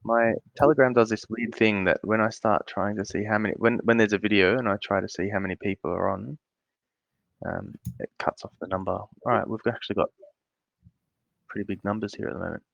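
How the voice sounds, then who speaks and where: An Australian man with a low voice hosts a casual live Q&A in a friendly, easygoing way. His voice is dry and close, and it comes through the dull, lo-fi audio of a video call. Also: steady tone, fairly quick, vocal fry, dry recording. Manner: laid-back, chatty, friendly. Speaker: AMA host. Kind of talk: casual live-stream Q&A hosting.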